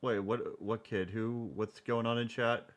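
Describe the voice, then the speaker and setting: A man's voice: fairly low pitch, fairly even intonation, a little slow, crowd noise. A man in his twenties streaming, reacting to a video with sarcastic, profane commentary. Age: 20s.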